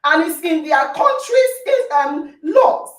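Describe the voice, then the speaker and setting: A woman's voice: extremely high pitch, very animated, slow pace, fairly bright tone. A woman hosting a podcast debate, arguing emphatically and repeating phrases for stress, recorded in an echoey room on a distant mic. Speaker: podcast host. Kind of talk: heated debate moderation.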